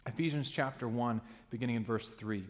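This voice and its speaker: A man's voice: medium pitch, fairly quick, in a large hall. A man preaching a sermon in a church, earnest and emphatic, sometimes restarting a phrase.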